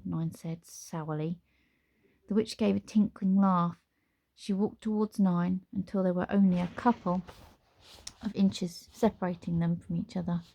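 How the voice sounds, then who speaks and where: A woman's voice: lowish voice, creaky. Woman narrating a children's storybook. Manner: measured, expressive storytelling. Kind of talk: storybook reading.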